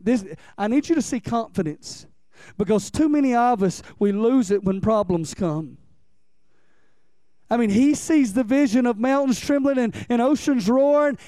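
A man's voice: very high voice, dark tone. A man preaches with fervor, stacking repeated phrases and leading the congregation in call-and-response. The sound is dry and close, with no room echo. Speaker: pastor. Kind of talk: sermon.

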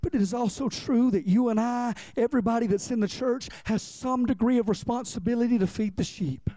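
With a high, mellow voice and a slightly fast pace, a pastor gives a conversational sermon, repeating key lines and checking in with the congregation. The audio is dry and close with no echo.

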